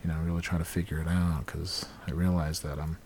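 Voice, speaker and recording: A man's voice: level tone, fairly quick, a little hiss or hum. A man playing a sappy, pleading ex-boyfriend. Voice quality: soft, low and pleading. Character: sappy lonely ex-boyfriend calling an old flame.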